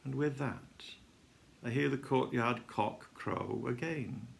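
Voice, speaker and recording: Gravelly man in dramatic devotional reading. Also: mid-range voice, takes it slowly. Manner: emotional storytelling, swings between hushed and loud. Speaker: devotional reader. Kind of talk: dramatic first-person reading.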